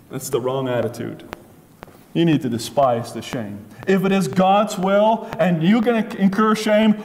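A man preaching a sermon, emphatic, acting out what people say with sharp rises and drops. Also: sits high. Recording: faint noise, long hall reverb.

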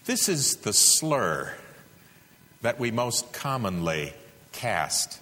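A man preaching a sermon, with dramatic rises to loud peaks and drops to a hush. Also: medium pitch, big pitch swings, drawn-out words, a little hiss or hum. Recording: reverberant hall.

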